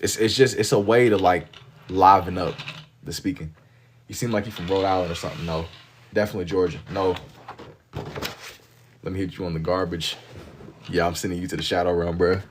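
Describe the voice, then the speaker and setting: Deep-voiced laid-back streamer guy. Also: steady tone, a little fast, long pauses, slight background noise. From Kentucky. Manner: laid-back slang-heavy banter, reading and answering chat. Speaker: livestreamer. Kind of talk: casual chat with live viewers while drawing.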